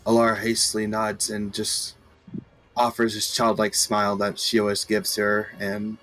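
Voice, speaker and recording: A man's voice: fairly low pitch, completely flat delivery, normal speed, fairly bright tone, soft background music, poor audio. A man playing a tabletop game, hesitantly describing what his character does. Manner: hesitant, repeats words. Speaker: player. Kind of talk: tabletop role-play, narrating his character.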